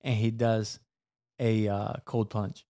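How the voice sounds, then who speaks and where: A man's voice: lowish voice, little pitch movement, slow, dark tone. A man co-hosting a podcast, teasing his friend and laughing often in casual chat. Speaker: podcast co-host.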